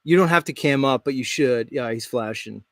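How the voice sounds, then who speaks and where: A man's voice: mid-range voice, normal speed, dry recording, studio quality. A man hosting a live stream show, talking in a brash, joking, rambling way. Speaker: host. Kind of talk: casual live stream chat.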